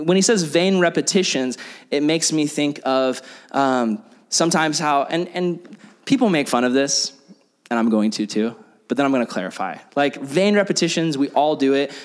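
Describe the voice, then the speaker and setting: A man's voice: on the high side, normal speed. A young man giving a casual, chatty sermon, full of fillers and playful acted-out prayers. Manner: chatty, filler-heavy, acts out prayers in silly voices. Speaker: preacher.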